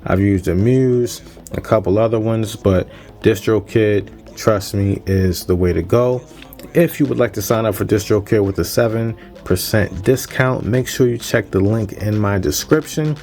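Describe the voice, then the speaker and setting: A fairly low-voiced man in his thirties talks through a casual unboxing vlog. He sounds upbeat and conversational, with a producer's easy chatter. Faint music plays quietly underneath. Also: unhurried. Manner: upbeat, chatty, plugs his channel and sponsor. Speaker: music producer and channel host.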